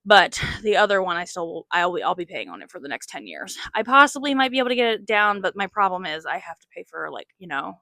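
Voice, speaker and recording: Late 20s woman rambling thru a story on her podcast, bright voice, dry close sound, lots of likes. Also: on the low side, sing-song, fast talker, vocal fry, few pauses, dry recording. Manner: chatty, frequent "like" fillers, self-mocking. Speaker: podcast host. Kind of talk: casual storytelling monologue.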